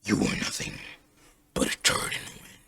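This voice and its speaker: A man voicing a hulking, menacing male villain fused with a symbiote, in a deep, breathy, threatening growl. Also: moderate pace, background noise, natural voice. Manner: threatening, intimidating.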